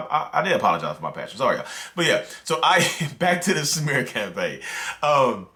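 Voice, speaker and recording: Animated ranting man in his thirties. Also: medium pitch, quick pace. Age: 30s. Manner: animated, ranting, fond of filler words. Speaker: mental health video host. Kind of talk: casual direct-to-camera talk.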